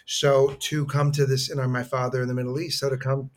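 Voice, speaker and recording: A man's voice: mid-range voice, level tone, brisk. Earnest middle-aged man telling a heartfelt story. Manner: earnest, heartfelt, rambling with restarts. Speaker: podcast guest, actor. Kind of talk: conversational storytelling.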